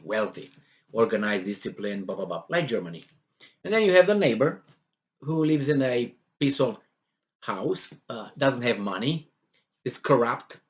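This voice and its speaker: A man giving casual commentary on a news article, rambling with many fillers and restarts, and acting out the voices he quotes with mock exasperation. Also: medium pitch.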